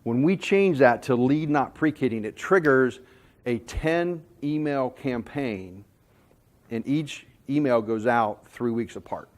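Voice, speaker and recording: A man giving a sales management talk, telling jokey stories in an animated, self-deprecating way to a room. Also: medium pitch, takes it slowly. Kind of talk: storytelling presentation.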